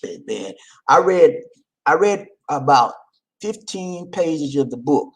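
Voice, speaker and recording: A man giving casual video commentary, animated and repetitive, laughing often and speaking straight to his viewers. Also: a little high, takes it slowly.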